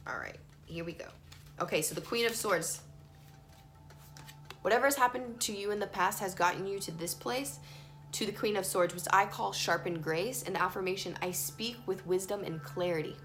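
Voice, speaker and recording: A woman giving a casual, emphatic tarot reading, swinging between soft and loud. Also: mid-range voice, normal speed. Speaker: tarot reader. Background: faint playlist music.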